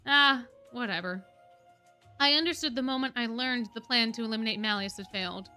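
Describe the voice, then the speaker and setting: A woman's voice: on the high side, fairly quick, pushed and bright, clear, resonant tone, soft background music. Woman voicing a bitter young lion prince. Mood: bitter, brooding. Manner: bitter, weary inner monologue. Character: brooding defeated young lion beastman prince.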